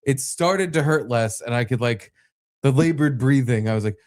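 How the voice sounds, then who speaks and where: Profane animated man telling a story. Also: mid-range voice, normal speed. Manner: animated storyteller, swears freely. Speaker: podcast co-host. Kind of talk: casual chat.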